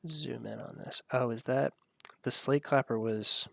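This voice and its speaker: A man's voice: mid-range voice, steady tone, a little slow, vocal fry, sharp tone, no echo. Man thinking aloud in a dry room. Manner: musing, thinking aloud while working. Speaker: host. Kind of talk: live audio editing tutorial.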